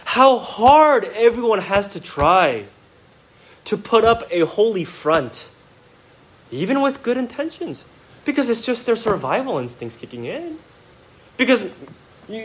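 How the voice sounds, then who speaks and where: This low-quality recording captures a man delivering a sermon in a church sanctuary, his voice sitting high. Speaking straight to the congregation, he poses rhetorical questions and alternates between soft, thoughtful asides and forceful bursts.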